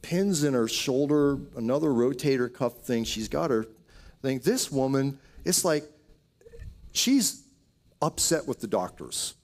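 A man's voice: mid-range voice, lively intonation, a little slow, darkish tone. A man preaching a sermon, telling healing stories in a storytelling way with quoted asides. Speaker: pastor. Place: church auditorium.

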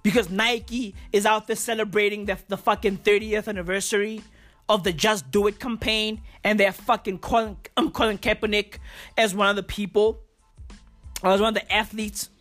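A man's voice: high voice, level tone, normal speed, fairly bright tone, soft background music. A man hosting his own podcast, ranting casually in profane street slang, repeating lines and leaning on fillers. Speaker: podcast host. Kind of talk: casual solo rant.

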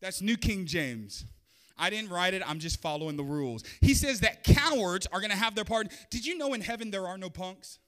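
A male pastor with a high, bright voice preaches a sermon in a loose, conversational way and slips in joking asides. His words ring out with a long reverb that trails through the hall. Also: animated, a little fast.

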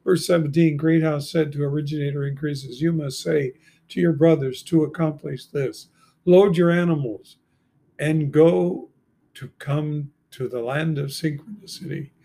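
An older man in his seventies reads scripture aloud at an unhurried, deliberate pace and stops now and then to comment. His voice is gravelly and sits slightly high for a man. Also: steady tone, mellow. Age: 70s. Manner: slow, deliberate reading with brief asides. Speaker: Bible reader and commentator.

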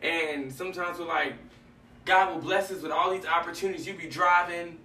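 Animated man in an echoey room. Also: on the high side, moderate pace. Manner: animated storytelling, acts out dialogue. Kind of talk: casual faith talk. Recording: echoey room, mic at a distance, faint noise.

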